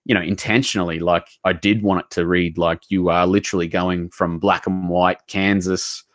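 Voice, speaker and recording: Earnest Australian man, low voice. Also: little pitch movement, moderate pace, no echo, clean studio sound. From Southeast Queensland, Australia. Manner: earnest and heartfelt, rambling with many restarts and casual swearing. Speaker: author guest. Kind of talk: casual storytelling conversation.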